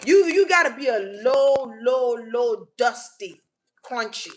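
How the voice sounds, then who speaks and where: Brief: higher-voiced woman, tarot reader, blunt and profane, emphatic restarts, noisy hiss behind. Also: expressive, slow pace. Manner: blunt, slangy, swears freely; emphatic, restarts and repeats words. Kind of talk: casual collective tarot reading.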